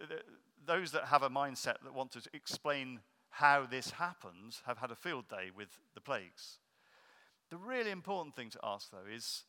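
A man's voice: medium pitch, pushed and bright, smooth. Earnest preacher man in a reverberant hall. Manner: earnest, explanatory, slowing down for emphasis. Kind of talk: sermon.

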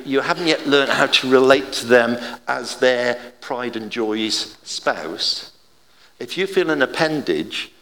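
An older man giving an informal, chatty sermon with gentle humour and family anecdotes. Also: mid-range voice, in a large hall.

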